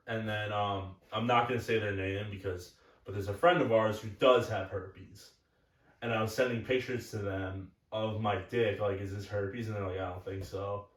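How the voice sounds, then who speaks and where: A man's voice: on the low side, steady tone, normal speed, a bit bright. A young man telling crude stories on a casual podcast, rambling and blunt. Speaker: podcast co-host. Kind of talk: casual chat. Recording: echoey room from far off.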